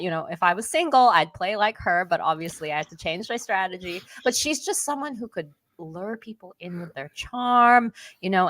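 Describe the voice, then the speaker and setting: A young adult woman chatting as a podcast guest, animated and quick to laugh as she acts out little exchanges. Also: fairly low pitch, no echo. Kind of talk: casual interview chat.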